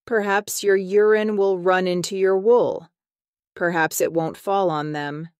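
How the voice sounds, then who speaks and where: Clever bossy storybook goat, scolding and urgent, read by a woman in a crisp, dry voice. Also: mid-range voice, steady tone, measured pace, darkish tone, no echo, close to an everyday voice.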